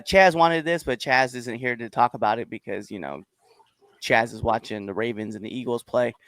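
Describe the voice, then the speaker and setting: A man's voice: mid-range voice, a bit bright, no room sound. A man hosting a wrestling podcast, chatting casually and animatedly, rambling with lots of "bro" and "hundred percent". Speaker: podcast host.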